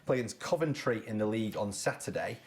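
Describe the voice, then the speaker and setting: A man's voice: on the low side, expressive, fast talker, darkish tone. A man co-hosting a local sports show, telling stories and running through sports news in a chatty way. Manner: chatty storyteller, laughs often. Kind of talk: casual studio chat and news roundup. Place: local TV studio.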